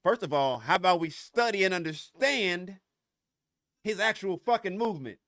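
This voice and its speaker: A man's voice: high-pitched, animated, normal speed, fairly bright tone, no echo, studio quality. A middle-aged man hosting a podcast, ranting in a profane, heated and confrontational way, often stumbling over restarts. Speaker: podcast host. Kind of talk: solo podcast rant.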